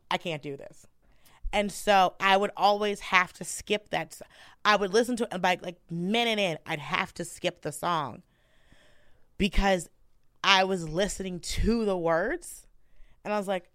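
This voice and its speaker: A woman spins stories in loose, profane podcast chat, her voice smooth and resonant. The sound is dry and close, with no room around it. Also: mid-range voice, moderate pace, no room sound. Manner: animated, profane storytelling. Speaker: comedian guest.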